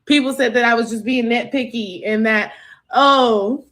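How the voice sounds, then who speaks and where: A woman's voice: fairly high pitch, a little slow, fairly bright tone. A woman giving emphatic social media commentary, incredulous and pointed.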